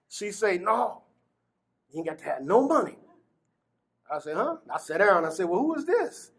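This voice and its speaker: A middle-aged man from Gary, Indiana, recounting his own story in an earnest, heartfelt way. His voice sits high for a man, and he laughs often as he talks. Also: sing-song, unhurried, pauses often, a bit bright. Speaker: exoneree telling his story. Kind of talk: personal testimony.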